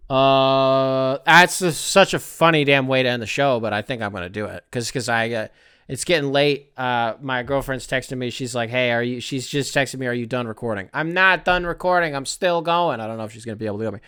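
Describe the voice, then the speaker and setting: A young man hosting a solo podcast, talking casually with a profane, rambling manner that swings between low mutters and loud outbursts. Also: brisk, clear, resonant tone, no echo, clean studio sound. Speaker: podcast host.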